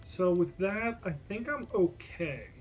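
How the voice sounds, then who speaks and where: Slow, muttering gaming streamer. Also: medium pitch, lively intonation. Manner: thinks aloud while browsing gear. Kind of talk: casual gaming stream commentary.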